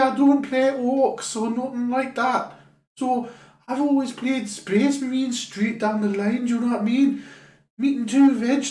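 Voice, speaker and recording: Brief: chatty woman, fairly high voice, rambling comic storytelling, echoey room. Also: a little mellow. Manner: chatty, rambling, laughs often. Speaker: comedy sketch performer.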